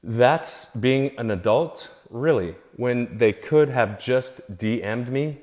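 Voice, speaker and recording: A man ranting unscripted to his followers, heated and profane, repeating himself and restarting his phrases as he gets worked up. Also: mid-range voice. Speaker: vlogger. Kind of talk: unscripted angry rant to camera.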